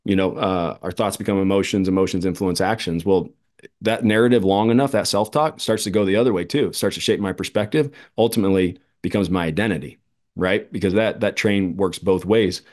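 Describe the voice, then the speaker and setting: A man with a fairly low voice speaks as a podcast guest. He thinks out loud about coaching, leaning heavily on fillers as he builds his point. His delivery is relaxed and conversational. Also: fairly quick. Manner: reflective, filler-heavy. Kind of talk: casual interview conversation.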